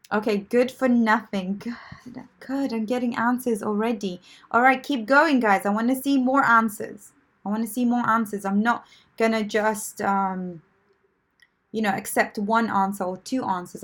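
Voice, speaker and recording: A woman's voice: medium pitch, fairly bright tone. A woman teaching English vocabulary in a live online lesson, chatty and encouraging, with many fillers and restarts.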